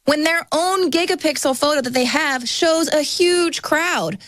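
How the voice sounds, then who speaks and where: A young adult woman co-hosting a political talk show, talking in an indignant, animated way. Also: sits high, a little slow, dry recording.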